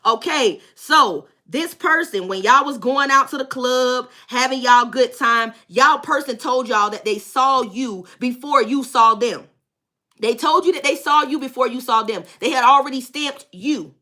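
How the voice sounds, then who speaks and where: A woman's voice: high-pitched, unhurried, pushed and bright. A woman tarot reader on a livestream, effusively thanking and blessing viewers and bluntly cursing out trolls.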